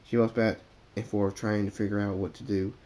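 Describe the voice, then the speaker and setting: A man reading a fan story aloud, halting, with frequent stumbles and repeats. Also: lowish voice, flat delivery, darkish tone. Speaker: story reader.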